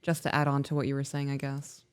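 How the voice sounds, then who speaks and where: A man co-hosting a podcast in casual chat, frank and quick to chime in. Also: mid-range voice, monotone, smooth. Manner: quick agreeing interjections, frank. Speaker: podcast co-host.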